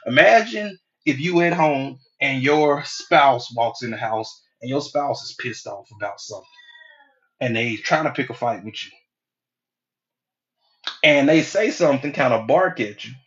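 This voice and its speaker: A man's voice: medium pitch, unhurried, a bit bright, lo-fi sound. A middle-aged man giving a casual, preachy motivational talk as a hypnotherapist, acting out quoted people as he goes.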